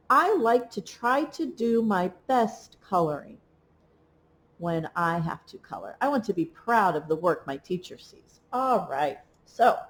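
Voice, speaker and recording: A preschool teacher, a woman, talks slowly and clearly in a fairly high voice that rises and falls a great deal. She leads little ones through counting and sing-song number rhymes with steady, patient encouragement. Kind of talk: remote read-along lesson for young children.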